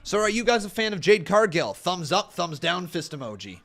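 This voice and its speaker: A man hosting a live stream, talking excitedly in a fairly high voice that swoops up and down. He chats casually with viewers and tells stories full of exclamations. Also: a little fast, creaky, faint music behind. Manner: excitable, animated storytelling with exclamations. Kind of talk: casual watch-along commentary.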